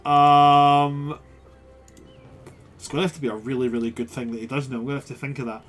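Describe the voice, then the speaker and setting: A man at a middling pitch running a tabletop game, talking casually and thinking aloud as he goes. Faint music plays behind him. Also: fairly even intonation, brisk, a bit bright. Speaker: game master.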